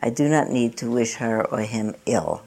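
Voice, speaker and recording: A woman's voice: extremely low pitch, expressive, moderate pace, a little mellow. A woman meditation teacher giving a dharma talk at a meditation center, chatty and self-mocking, often laughing at herself.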